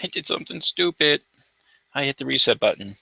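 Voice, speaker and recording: A man's voice: mid-range voice, animated, a little fast, gravelly, pushed and bright, breathy edge, dry recording. A man hosting a casual home electronics video, narrating his typing and soldering with playful, showman-like announcer asides. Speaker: maker channel host. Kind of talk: casual live coding and tinkering commentary.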